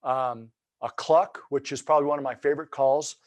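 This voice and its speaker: A man's voice: mid-range voice, steady tone, brisk, no room sound. A man giving a webinar lesson on turkey hunting, explaining calls in a folksy, loose way with many restarts.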